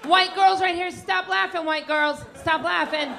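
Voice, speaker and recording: Woman stand-up, high and brassy, teasing the front row, live club recording with noise. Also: fairly even intonation, a little slow, gravelly. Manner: brassy, teasing audience members. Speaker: stand-up comedian. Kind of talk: stand-up comedy set. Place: comedy club stage with audience.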